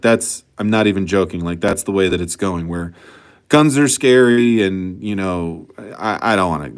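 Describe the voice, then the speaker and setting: A man chatting casually in a vlog, reading viewer comments and swearing freely while he rambles. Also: lowish voice. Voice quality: profane, rambling, laid-back. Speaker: channel host.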